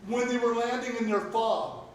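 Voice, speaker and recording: A middle-aged man, a football coach, giving a motivational pregame speech, telling the story animatedly and swinging from loud bursts to hushed lines. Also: very high voice, level tone, moderate pace. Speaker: football coach and guest speaker. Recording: echoey, distant mic, noisy.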